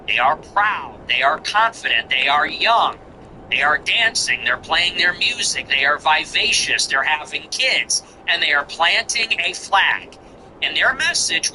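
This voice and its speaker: A man's voice: high voice, bright, forceful tone, a little hiss or hum, rough recording. A man hosting a commentary show, ranting contemptuously in repetitive, emphatic lists. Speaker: show host. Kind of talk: political commentary monologue.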